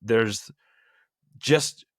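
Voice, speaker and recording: A man's voice: drawn-out words, dry recording, studio quality. A man co-hosting a podcast, talking casually with loose phrasing and swearing. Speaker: podcast co-host.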